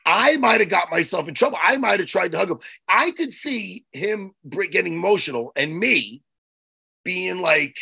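Male podcast co-host, gravelly and sharp-edged, lively pitch, jokey and animated. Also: moderate pace, dry recording, low-quality recording. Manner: animated, jokey, acts out scenes. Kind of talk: casual chat.

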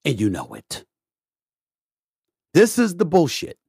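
A man's voice: huge pitch swings, takes it slowly, gravelly, husky, dry recording. Middle-aged male host, emphatic profane rant, dry close mic, preacher-like cadence. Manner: emphatic, swings between low mutters and loud rants. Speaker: podcast host. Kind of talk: opinionated monologue.

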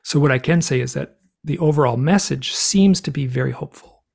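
A middle-aged man, an author being interviewed, telling personal stories in an earnest, animated way and acting out what others said. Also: mid-range voice, fairly quick, gravelly, slightly rough. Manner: earnest, animated storyteller who acts out quotes. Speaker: author and guest. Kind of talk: storytelling interview talk.

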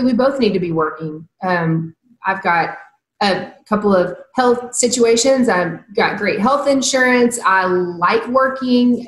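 A woman who works as a TV news anchor, talking earnestly and reflectively as a guest in a casual interview and giving advice. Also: medium pitch. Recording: roomy echo.

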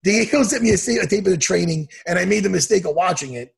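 Male fight coach, podcast regular. Gravelly, high-pitched voice, profane ranter. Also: lively intonation, quick pace. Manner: profane, heated ranting. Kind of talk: casual chat.

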